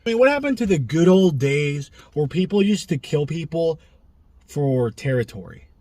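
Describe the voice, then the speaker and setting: A young man ranting sarcastically in an animated vlog monologue, filming himself outdoors near a street. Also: a little high, moderate pace, dry recording. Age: young adult. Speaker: vlogger. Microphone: camera he films himself with.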